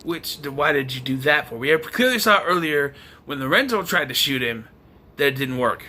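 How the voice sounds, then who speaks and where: A young man hosts a casual movie review, sounding fed up and sarcastic as he picks the plot apart. His voice sits a little high and has a sharp, tense brightness, and his pitch swings widely. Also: lively intonation, normal speed. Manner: exasperated, sarcastic ranting.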